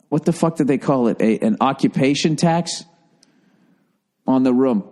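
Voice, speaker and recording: A man's voice: mid-range voice, darkish tone. Profane, ranting man in his forties. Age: 40s. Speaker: podcast host. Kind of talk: casual solo podcast monologue.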